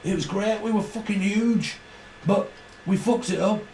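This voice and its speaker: A man's voice: high-pitched, unhurried, darkish tone, echoey room, far from the mic, slight background noise, voice pushed up, poor audio. A man putting on the voice of a brash, sweary rock star who moans about his brother. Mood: moaning. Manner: swearing, self-pitying rant.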